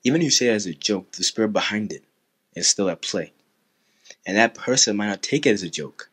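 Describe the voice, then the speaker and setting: A young man giving an earnest, measured motivational talk about faith as a Christian video host. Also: lowish voice, expressive, a bit bright, slightly rough. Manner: earnest, measured, laughs now and then. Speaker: Christian YouTuber.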